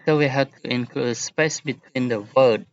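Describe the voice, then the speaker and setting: A man teaching an English lesson, explaining word rules slowly and patiently with examples. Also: medium pitch, muffled recording. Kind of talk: recorded classroom lesson.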